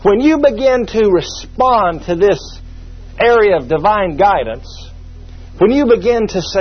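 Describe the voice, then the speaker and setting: A man's voice: high-pitched, animated, unhurried, slightly rough. A man preaching a sermon, teaching from the Bible in a folksy, humorous way with asides. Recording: muffled lo-fi sermon recording.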